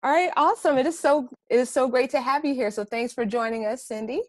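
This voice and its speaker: A woman's voice: high voice, fast talker, a little mellow, dry recording, clean studio sound. A woman hosting a podcast panel in an upbeat, enthusiastic way, speaking over a video call. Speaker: panel host.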